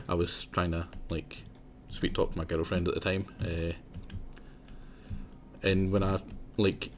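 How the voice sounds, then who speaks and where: Young man, low voice, chatty game streamer, faint keyboard clatter behind. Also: a little hiss or hum. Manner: rambling, chatty, talks to himself, laughs often. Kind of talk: casual live gameplay commentary.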